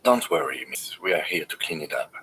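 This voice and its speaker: A man voicing a calm, formal male police lieutenant in a video game, speaking quietly and politely. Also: extremely low pitch, a little fast, a little hiss or hum, full character voice, low-quality recording.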